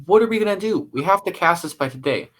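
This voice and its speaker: A man's voice: high voice, animated, fast. A man playing a nervous, desperate casting director who is polite to actors but pleads and frets, speaking over a video call. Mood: pleading. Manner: polite, then pleading and exasperated.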